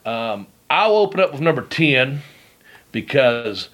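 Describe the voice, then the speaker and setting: A man's voice: mid-range voice, big pitch swings, slow, a bit bright. A middle-aged man hosting a podcast, telling rambling stories in casual chat and laughing as he goes. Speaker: podcast host. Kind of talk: casual storytelling.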